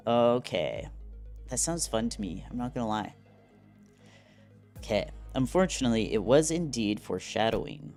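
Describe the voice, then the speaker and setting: A man's voice: fairly low pitch, animated, moderate pace, soft background music. A man streaming a game, chatting casually, reading chat and game text aloud. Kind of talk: casual live-stream commentary.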